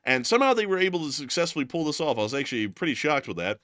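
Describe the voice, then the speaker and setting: A man giving casual war news commentary over clips, jokey with deadpan puns and broken-English asides. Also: on the high side, very fast, no echo, clean studio sound.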